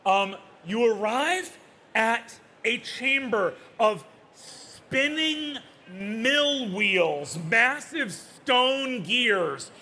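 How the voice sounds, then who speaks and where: High-voiced man narrating a tabletop game. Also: extremely slow. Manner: relaxed, lots of fillers. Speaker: dungeon master.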